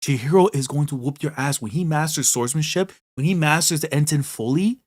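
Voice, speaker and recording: A man hosting a manga readthrough reaction, talking in a slangy, excitable way. His voice sits a little high for a man, and he swings from low, muttered dismay to loud outbursts. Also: a little fast. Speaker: channel host reading manga.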